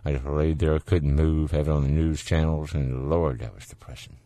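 Southern male radio host, very low voice, folksy, dry close sound. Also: fairly even intonation, moderate pace, mellow, dry recording. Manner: folksy, chatty, laughs easily. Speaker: radio call-in show host. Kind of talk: casual call-in radio chat.

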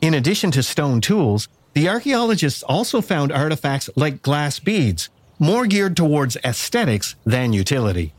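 A man narrating a documentary in a measured, explanatory way over faint background music. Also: a little high, very animated. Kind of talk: scripted narration.

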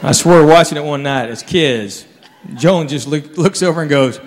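Guy doing standup, kinda high voice, laughs at his own bits, echoey club with a crowd. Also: moderate pace. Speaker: stand-up comedian. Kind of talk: stand-up routine. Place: comedy club stage. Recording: live room with long reverb and audience. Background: crowd laughter, room noise.

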